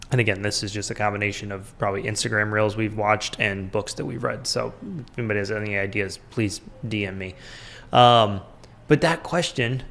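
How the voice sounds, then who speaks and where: This is a man in his thirties talking through business advice on a podcast. His mid-pitched voice has a gravelly fry to it, and he speaks in a loose conversational way, scattering fillers and rhetorical questions throughout. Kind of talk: casual advice talk.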